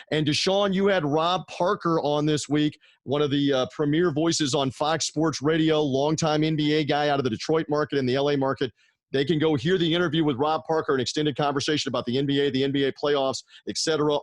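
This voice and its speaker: A man's voice: on the high side, fairly even intonation, fairly quick, no room sound, clean studio sound. A man hosting a sports talk podcast over a video call, upbeat and busy plugging his guests' shows. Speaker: podcast host.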